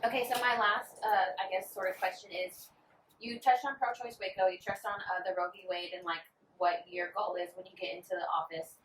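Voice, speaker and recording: A woman's voice: medium pitch, fairly even intonation, a little fast, a bit bright. A young woman hosting a podcast, asking questions casually with many fillers and hesitations. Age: young adult. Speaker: podcast host. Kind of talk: interviewing a guest. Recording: roomy and distant with faint noise.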